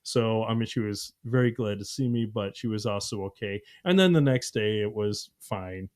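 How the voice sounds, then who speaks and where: Animated storytelling man, laughing often. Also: lowish voice, normal speed. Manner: animated, laughing, acts out voices in his story. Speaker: podcast host. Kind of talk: casual storytelling chat.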